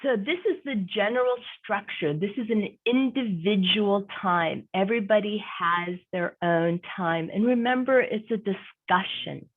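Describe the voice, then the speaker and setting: Her mid-range voice keeps a measured pace with hardly any pauses as this career coach leads an online workshop. She speaks conversationally and emphatically, repeating key points, through tinny audio resembling a phone line.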